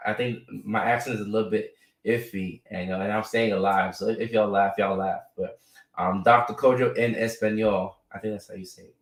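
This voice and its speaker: A man's voice: on the low side, little pitch movement, fairly quick, far from the mic. A man hosting a live stream in a casual, chatty way, often tagging his points with "right?" and fillers. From United States. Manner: conversational, frequent "right?" and fillers. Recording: echoey room, a bit off-mic.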